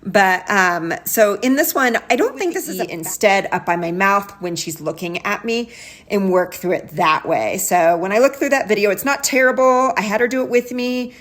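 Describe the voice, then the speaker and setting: A woman's voice: medium pitch, moderate pace, fairly bright tone. A woman speech-language pathologist giving candid, self-deprecating commentary on her old therapy videos, explaining her choices in clinical terms and laughing at her own mistakes.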